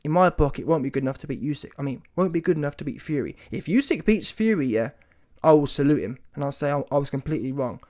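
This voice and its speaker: A man with a voice on the high side talks at a quick pace, ranting in reaction to a boxing match. His commentary is casual, slangy and emphatic, often mocking; he's animated, rises to mocking shouts, uses street slang and swears.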